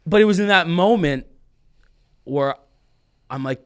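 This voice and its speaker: A man in his twenties, a mentalist guest, telling stories in a casual, animated podcast interview that drifts off on tangents. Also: a little high, unhurried, long pauses, clear, resonant tone.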